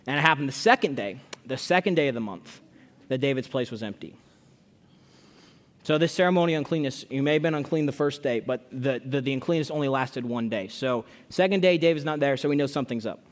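A man's voice: mid-range voice, fairly quick. A man preaching an expository sermon, reading scripture aloud and explaining it in a conversational way, often repeating his words as he goes. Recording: long hall reverb.

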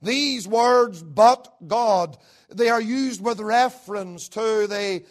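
A man delivers a sermon that climbs to emphatic peaks and falls to low, hushed lines. He slows down deliberately on the key words.

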